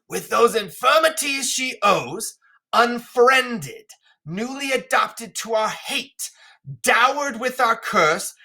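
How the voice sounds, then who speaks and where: A male teacher reading the part of a furious old king, declaiming the verse in a raised, emphatic voice pitched well above his own. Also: bright, forceful tone, full character voice. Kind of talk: classroom read-aloud.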